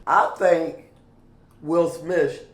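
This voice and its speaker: A man's voice: fairly high pitch, steady tone, very slow. A man co-hosting a casual chat, cutting in with jokes. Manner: joking, interjecting. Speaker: podcast co-host. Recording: roomy echo with faint noise.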